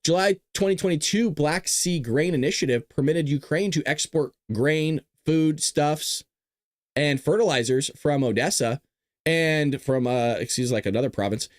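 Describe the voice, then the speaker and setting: A man's voice: on the high side, normal speed, no echo, clean studio sound. A middle-aged man hosting a political talk show, talking casually with sarcastic, jokey asides.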